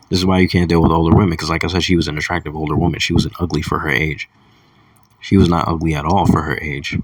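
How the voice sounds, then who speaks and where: A man's voice: very deep voice, flat delivery, fast talker, husky, no echo, far from the mic. A young man talking in a crude, rambling casual monologue, chuckling between thoughts. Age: young adult. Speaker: vlogger.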